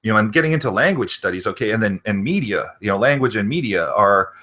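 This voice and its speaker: A man's voice: lowish voice, animated, fast talker, bright, forceful tone. A man talking in a rambling casual conversation, full of fillers like "you know" and "okay".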